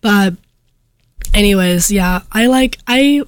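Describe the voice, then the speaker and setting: A sick young woman hosting a student radio show, talking casually between songs in a soft, quiet voice and rambling with false starts. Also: medium pitch, takes it slowly, clean tone, no echo. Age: young adult. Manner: rambling, hesitant with restarts.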